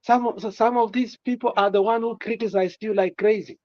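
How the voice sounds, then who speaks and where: A man's voice: high-pitched, fairly even intonation, a little fast, a little mellow, dry recording, dull audio. A man giving political commentary in a passionate way, repeating words and using many fillers. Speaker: guest commentator.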